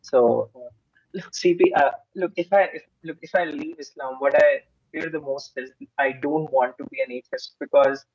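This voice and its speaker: A man's voice: a little high, normal speed, darkish tone, no room sound. Stammering male caller on a muffled line. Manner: hesitant, stammering, apologetic. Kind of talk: call-in debate. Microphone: remote call-in line. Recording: husky, muffled call audio.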